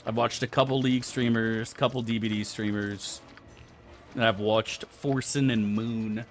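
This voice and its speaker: A young man streaming a game, chatting casually with his viewers in a laid-back, joking and profane way. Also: medium pitch. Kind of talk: casual live-stream chat.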